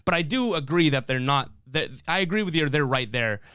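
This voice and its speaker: A man's voice: fairly high pitch, expressive, fairly quick, bright, forceful tone, smooth, dry recording, studio quality. Fired-up man hosting a fan stream. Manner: fired-up, rambling, frequent restarts and fillers. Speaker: sports stream host reading chat. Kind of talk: casual live-stream commentary.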